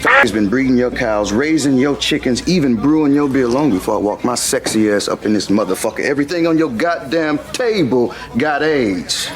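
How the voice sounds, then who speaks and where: A man's voice: medium pitch, lively intonation, moderate pace, close to an everyday voice. An actor playing a sassy, flamboyant, fearless male cook in a TV drama, with a bold, brassy, defiant delivery. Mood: defiant sass. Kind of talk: TV drama acting. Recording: TV clip with loud music behind. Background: music.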